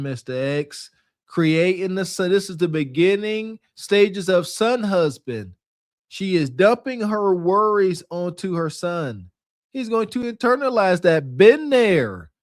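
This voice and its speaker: A male podcast co-host agrees with his partner and drifts into reflective stories of his own. His voice is notably high and sounds dry and close. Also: dry recording. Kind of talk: reaction commentary and storytelling.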